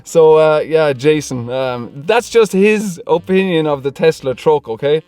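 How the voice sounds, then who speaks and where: A man with a high voice chats through viewer comments in a laid-back vlog, laughing often between remarks. He is recorded dry and close, with faint music behind him. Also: a little slow, a little mellow, clean tone, no echo. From Ireland. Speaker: car vlogger. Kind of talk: casual Q&A vlog, reading comments.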